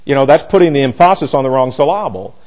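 A man's voice: medium pitch, animated, fast talker, a little mellow, low-quality recording. A man teaching a Bible class, blunt and emphatic, often restarting his sentences.

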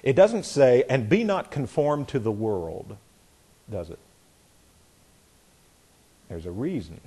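Middle-aged male Bible teacher, husky, animated delivery, folksy sermon style with read-aloud examples. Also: mid-range voice, takes it slowly. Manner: folksy, repeats phrases, demonstrates by reading aloud.

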